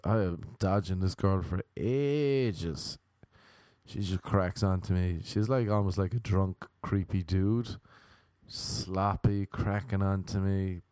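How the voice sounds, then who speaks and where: Self-mocking Irish comedian, dry sound. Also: male voice, low voice, mellow, no room sound. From Ireland. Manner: rambling, self-mocking, jokey asides. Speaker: podcast host and comedian. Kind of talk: comic podcast monologue.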